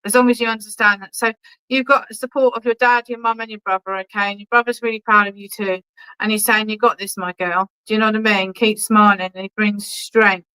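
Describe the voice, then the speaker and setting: A woman's voice: mid-range voice, little pitch movement, fast talker, pushed and bright, clear, resonant tone, rough recording. A woman working as a medium, giving chatty, reassuring clairvoyant readings at an online church service and calling people darling. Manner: chatty and reassuring, keeps checking in with "okay?"; affectionate, calls people darling. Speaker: spiritualist medium.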